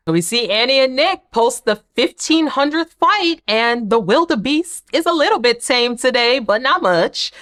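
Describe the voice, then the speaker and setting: A woman talks through a TV episode in a sassy, chatty way, tossing in blunt opinions. Her delivery is casual and conversational, like gossip with a friend. Her pitch sits at an everyday middle. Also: fairly bright tone. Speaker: recap vlogger. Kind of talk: casual recap commentary.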